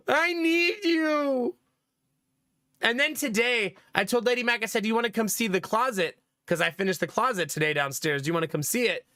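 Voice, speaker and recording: A man's voice: high-pitched, fast talker, few pauses, sharp tone, no echo, studio quality. A young man casually telling family stories to his stream chat, laughing often as he goes. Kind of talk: casual storytelling to live chat.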